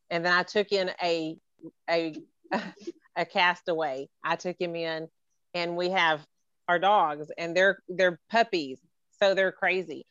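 A playful middle-aged woman hosting a podcast, chatting in a lower-pitched voice and laughing as she teases her guest. The sound is dry and a little dull, like a remote call. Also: fairly bright tone, no room sound. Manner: playful, teasing, laughs often. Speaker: podcast host. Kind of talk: casual podcast chat.

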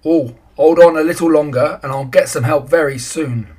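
A man voicing a gruff grown man carrying a lantern in a storybook, speaking with a growl and loud calls. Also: a little high, normal speed, pitched above the performer's own voice, natural voice.

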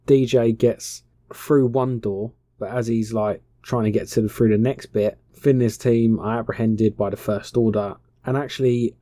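A man's voice: medium pitch, warm tone, no room sound, clean studio sound. A man casually retelling a film plot, offhand, slangy and full of swearing. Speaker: film recapper. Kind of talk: casual comic film recap.

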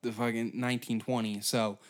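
Guy, mid-pitched, hosts a crude, rambling comedy history podcast. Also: level tone, fairly quick. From Canada. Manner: profane, rambling, jokey asides and silly quoted voices. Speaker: podcast host.

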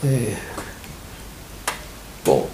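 Speaking very slowly, an older former football manager from Scotland recounts animated stories in an interview, acting out the voices of those he mentions. An echoing room and faint hiss come through on the recording.

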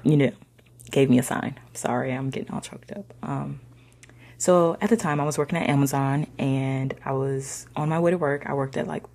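A young woman telling a personal story in a slangy, conversational way, sometimes dropping into soft whispers. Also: a bass voice, fairly even intonation, normal speed. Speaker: discussion participant.

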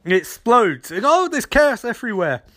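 A man's voice: extremely high pitch, big pitch swings, normal speed, a bit bright, no room sound, studio quality. A man casually recapping a TV episode as a podcast host, rambling and acting out quoted lines.

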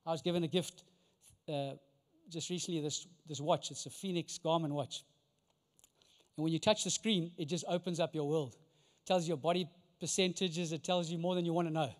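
Pastor, man with a high voice, emphatic sermon delivery, long hall reverb. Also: fairly even intonation, moderate pace. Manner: emphatic preaching with rhetorical questions.

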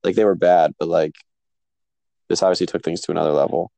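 Very deep gravelly man. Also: quick pace, no room sound, low-quality recording. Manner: relaxed, speculative, profane. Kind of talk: casual chat.

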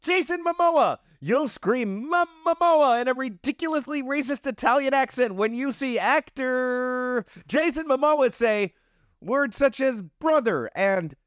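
Lively high-voiced man hyping jokes. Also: a little slow, smooth, no room sound, studio quality. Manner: mock-hype exclamations. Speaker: comedy podcast co-host. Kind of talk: sketch comedy podcast banter.

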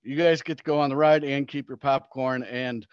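A man from the Chicago area chatting as podcast host, telling lively stories and acting out voices. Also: mid-range voice, moderate pace, clean tone, no room sound, muffled recording. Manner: lively storyteller, acts out voices. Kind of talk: casual chat.

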